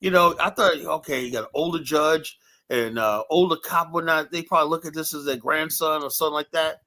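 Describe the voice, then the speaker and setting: A man holds forth in a heated casual debate, his voice sitting a little high for a man. He rambles, swears freely and keeps checking in with 'right?' after nearly every sentence. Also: a little fast, pushed and bright. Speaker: panelist.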